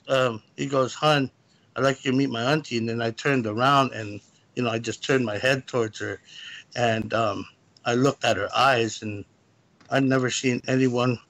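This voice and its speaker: A man calling in as a guest, telling a personal story in a rambling, halting way. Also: mid-range voice, steady tone, a bit bright. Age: adult, lived in California. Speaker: guest caller. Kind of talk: casual storytelling.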